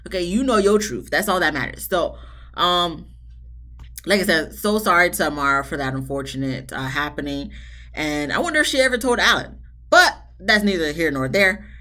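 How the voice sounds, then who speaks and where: A woman, recapping a reality show episode in a casual, animated way and acting out the quotes. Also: lowish voice, moderate pace. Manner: chatty, animated retelling with voiced quotes. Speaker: TV show reviewer.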